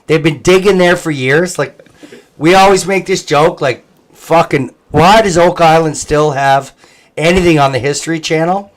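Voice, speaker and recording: A man's voice: a little high, moderate pace. Profane rambling man. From Cape Breton, Canada. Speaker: livestream host. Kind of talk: casual party chat.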